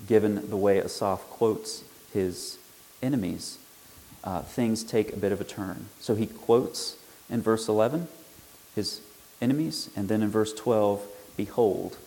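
A man with a fairly low voice gives a measured Bible lesson. He walks through each verse steadily and punches key words with sudden emphasis. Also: dark tone, rough recording. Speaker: Bible teacher. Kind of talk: explanatory Bible lecture.

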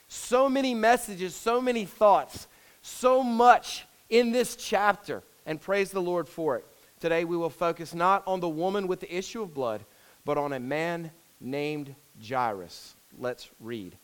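A man preaching a sermon, praying in a hushed voice and reading scripture aloud with rising intensity. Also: high-pitched. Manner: earnest, rises and swells when reading scripture aloud; hushed and slow in prayer. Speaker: pastor.

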